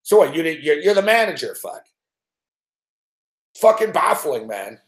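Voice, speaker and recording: High-voiced, cursing sports host. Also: male voice, big pitch swings, a little slow, roomy sound. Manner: swears constantly, rants in frustrated outbursts. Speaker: sports betting show host. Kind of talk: profane live-stream rant.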